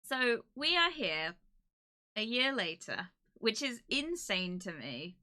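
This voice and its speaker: A woman streamer from the UK chatting casually to her live audience, emotional and laughing, with many pauses and fillers. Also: a little high, very animated, bright, forceful tone. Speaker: streamer hosting an anniversary stream.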